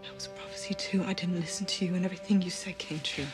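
An actress playing a proud, bitter royal mother who is grieving, speaking in hushed, breathy whispers. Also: on the low side, fairly even intonation, fast, over music, close to an everyday voice.

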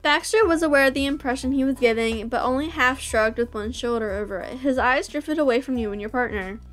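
A woman reading a visual novel aloud for her channel, breaking into gushing, excitable asides. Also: high voice, a little fast, soft background music.

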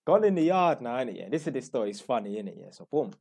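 A man's voice: mid-range voice, sing-song, rapid-fire, creaky, a little mellow, slightly rough. A young man with a London accent telling a rambling, slangy story in a blunt, casual way. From London, England. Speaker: YouTuber.

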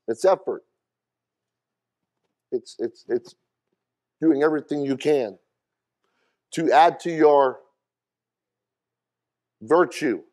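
A man, preaching a sermon as a pastor. He swings from loud high bursts to quieter asides, repeats words and calls out questions to the congregation. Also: takes it slowly, long pauses.

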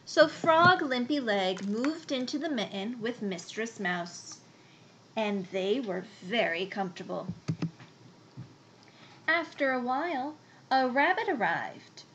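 A woman reading a children's storybook aloud in a gentle, unhurried way. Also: a little high, expressive, slight background noise.

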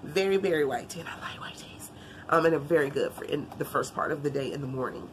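Woman, low voice, congested, chatty unboxing vlog, says y'all a lot. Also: fast talker, a little hiss or hum. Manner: chatty, animated, Southern-style "y'all" talk. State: congested, tires easily. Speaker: vlogger. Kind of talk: casual unboxing chat.

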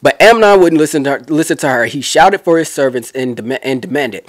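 A man's voice: mid-range voice, expressive, a little fast, few pauses, dry recording, studio quality. A man giving a casual Bible teaching, retelling scripture in a chatty, slangy way with asides.

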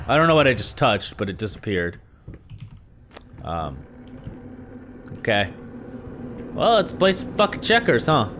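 A young man commenting on a horror game he is playing, sarcastic and swearing, jumping between low mutters and startled yelps. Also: fairly bright tone, slight background noise. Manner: jumpy, sarcastic and profane, swinging from muttering to yelps. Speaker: gaming video host. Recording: faint music behind the voice.

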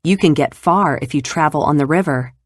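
A woman's voice: sits low, fairly quick, slightly rough, no room sound, clean studio sound. A woman voicing a kind old father giving advice in a children's storybook.

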